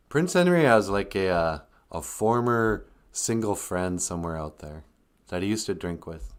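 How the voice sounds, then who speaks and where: A man's voice: low-pitched, expressive, slow, pauses often, smooth. A man hosting a live stream in a casual, rambling way, joking and reading viewer comments aloud.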